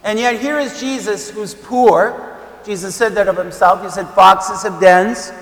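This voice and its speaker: A man's voice: sits high, unhurried, a bit bright. A man, a Catholic priest, giving a conversational homily with fillers and emphatic repetition. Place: church. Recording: echoey church with long reverb.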